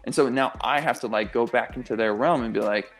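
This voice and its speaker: A man's voice: medium pitch, fairly quick, soft background music. A young man as a guest on a radio interview show, talking with passion and emphasis and swearing freely. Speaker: guest, pro athlete and coach.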